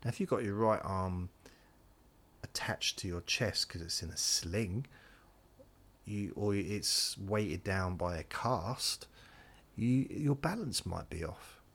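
A man with a very low voice wanders through a sleepy podcast monologue. He keeps breaking off and circling back as he talks. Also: animated, slow, fairly bright tone, husky. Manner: meandering, self-interrupting, drifting between points. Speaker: podcast host.

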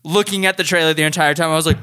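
A young man co-hosting a casual podcast, telling a story in an animated, laughing way. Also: fairly high pitch, very fast, background noise. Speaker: podcast co-host. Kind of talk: casual chat.

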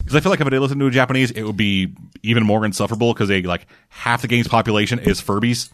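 A man's voice: medium pitch, very fast, fairly bright tone, dry recording. A man co-hosting a casual gaming chat, rambling and swearing freely, with lots of restarts and fillers. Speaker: podcast co-host.

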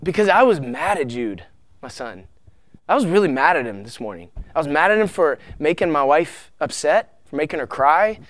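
A man in his thirties preaching a sermon, earnest and emotional, tearful at times, with soft trailing asides. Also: fairly high pitch, sing-song, normal speed, no room sound. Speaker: pastor.

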